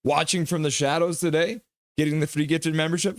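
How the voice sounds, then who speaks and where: A man hosting a casual hockey live stream, chatting loosely and reading viewer comments aloud, sometimes yelling them in a high put-on voice. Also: fairly even intonation, fairly quick, dry recording.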